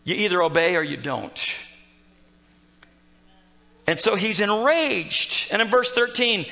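A man preaching a sermon, telling a Bible story with animated storytelling and acting out its characters. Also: sits high, slow, vocal fry, low-quality recording. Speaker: pastor.

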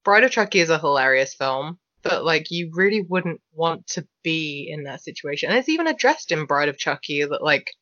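A woman's voice: sits low, very animated, normal speed, few pauses, sharp tone, no echo, muffled recording. A woman co-hosting a podcast, giving blunt opinions in casual talk about films. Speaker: podcast co-host.

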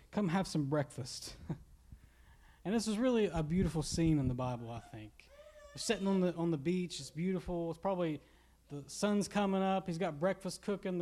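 Young kentucky man, high voice, relaxed joking preacher. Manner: casual, joking preaching with laughs and asides. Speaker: pastor. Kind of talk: sermon.

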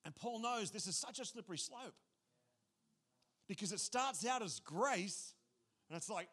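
Animated high-voiced male preacher. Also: moderate pace, pauses often. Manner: animated, casual and joking, repeats phrases. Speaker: pastor. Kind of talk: sermon.

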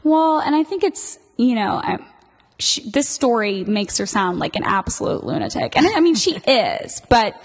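A woman guest on a storytelling podcast, chatting casually in a lively way, laughing often. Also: fairly high pitch, moderate pace, in a large hall.

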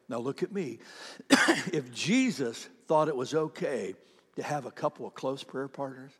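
Pastor preaching in an echoing church. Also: male voice, mid-range voice, animated, a little slow, slightly rough. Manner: swings from loud emphatic declarations to hushed near-whispers; repeats lines for emphasis, speaks directly to the congregation. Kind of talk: sermon. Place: large church sanctuary. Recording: church hall with long reverb.

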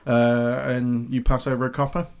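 A man's voice: mid-range voice, little pitch movement, normal speed, darkish tone, clean tone. Chatty man running a tabletop game. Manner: chatty, with frequent fillers and laughing asides. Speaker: dungeon master.

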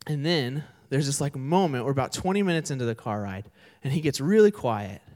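Lively casual young preacher man. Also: medium pitch, brisk. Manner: casual, chatty, addresses crowd directly. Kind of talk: sermon with storytelling. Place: church service before an audience.

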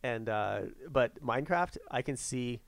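A man co-hosting a casual podcast chat, talking in a halting way full of uhs and ums. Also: medium pitch, lively intonation, creaky, dry recording. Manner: halting, lots of uh and um. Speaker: podcast co-host.

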